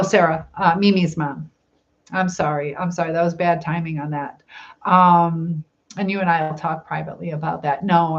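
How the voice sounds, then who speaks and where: Middle-aged woman hosting a casual live stream; soft, reassuring and inquisitive; slightly muffled lo-fi recording. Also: on the low side. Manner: gentle, reassuring, asks many questions. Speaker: live chat host. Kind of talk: casual live-stream chat reading comments. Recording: slightly dull lo-fi sound, faint room noise.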